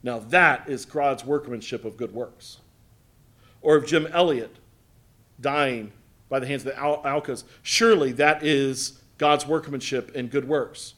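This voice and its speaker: A man preaching a sermon as pastor, earnest, rising to loud emphasis and dropping to soft, close asides. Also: mid-range voice, a little slow.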